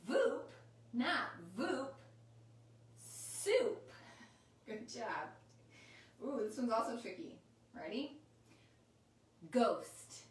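A woman teaching a kindergarten class online, talking in a slow, sing-song, encouraging way. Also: medium pitch. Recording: roomy, slightly distant mic with faint ambience.

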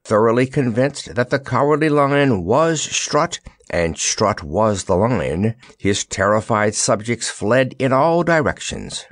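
Man narrating a storybook, lively pitch. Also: a little slow, no room sound, studio quality. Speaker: audiobook narrator. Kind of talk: storybook reading.

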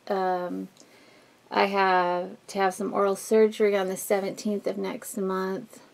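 A woman with a husky, smoky voice talks through her morning routine at home. A gravelly crackle runs under her mid-range voice. She rambles candidly, full of fillers and restarts, as she does her makeup. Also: medium pitch, level tone, measured pace. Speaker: beauty vlogger. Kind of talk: casual get-ready-with-me chat.

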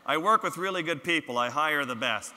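A man with a bright, forceful voice tells his field stories to a lecture hall audience. His words ring out on a stage microphone with a long reverb trailing after them. His humor is self-deprecating. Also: fairly high pitch, animated, a little fast, slight background noise. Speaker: photographer giving a public talk. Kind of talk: storytelling lecture with slides.

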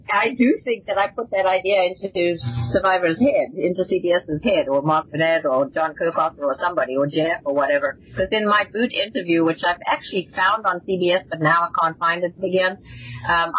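A woman's voice: on the low side, fairly bright tone, slight background noise, rough recording. An older woman with a South African accent, a former reality show contestant telling stories as a guest in a casual interview. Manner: chatty, rambling, quick to laugh.

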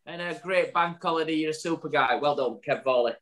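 A man's voice: fairly high pitch, a little fast, a bit bright, a little hiss or hum. A man, co-hosting a podcast in casual chat and wrapping up the episode with an upbeat summary. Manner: chatty, upbeat, wraps up with a summary. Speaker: podcast co-host.

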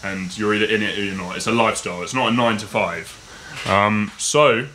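A young man spins casual stories, acting out the people he quotes. His voice is bright and forward. He sits in an echoey room. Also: lowish voice, fairly quick, a little hiss or hum. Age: 20s. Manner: lively storyteller who acts out quoted voices. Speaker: guest artist. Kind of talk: casual podcast storytelling.

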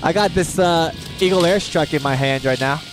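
A man streaming a video game live, shouting excited curses and taunts at the enemies. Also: a little high, normal speed, rough recording. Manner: loud excited cursing and taunting. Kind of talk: live gameplay commentary. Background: game music.

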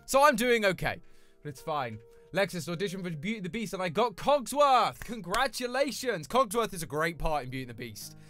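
A man's voice: sits high, big pitch swings, a little fast, fairly bright tone, faint music behind. A young British man chatting casually with his live chat as a streamer, rambling and friendly in a small home room. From Britain.

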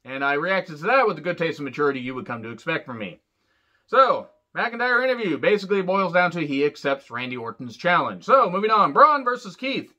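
A man's voice: on the high side, very animated, a little fast, bright, forceful tone. A man giving a casual, profane, sarcastic rant reviewing a show, rambling loosely as he talks. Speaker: wrestling reviewer. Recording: dull lo-fi sound.

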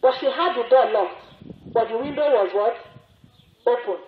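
A religious sister giving a sermon, telling a story with repetition and emphatic rising exclamations. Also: female voice, fairly high pitch, moderate pace. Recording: echoey, phone-like narrow sound.

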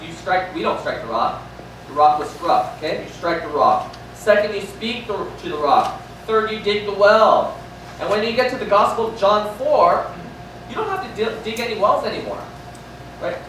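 A man's voice: high-pitched, animated, normal speed, fairly bright tone, slight background noise. A male pastor preaching a sermon, asking the congregation questions and repeating key lines. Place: large echoey church hall. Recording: echoey hall from far off with faint ambience.

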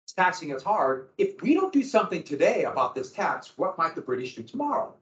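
A man teaching a history class, lecturing in an animated way and quizzing his students as he goes. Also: on the high side, a little fast. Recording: echoey room, dull lo-fi sound.

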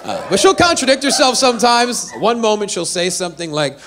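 A man performing a stand-up comedy set, telling animated, self-deprecating stories. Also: sits high, fairly quick, some chatter behind. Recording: live venue with faint audience.

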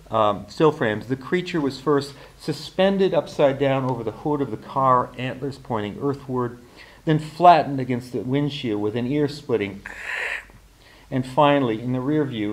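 A man, an author and teacher, reading literary fiction aloud in a measured, even way, now and then restarting a phrase. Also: medium pitch. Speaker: author and faculty member.

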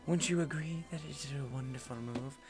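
A man voicing a soft-spoken young woman gym leader, gentle and polite, on a headset mic. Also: mid-range voice, brisk, soft background music, natural voice.

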